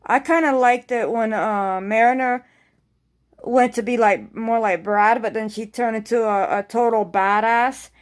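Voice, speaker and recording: A woman with a slightly high voice talks through a TV episode in a loose, casual recap. She rambles and swears freely, piling one scene onto the next with open excitement. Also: measured pace. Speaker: TV episode reviewer.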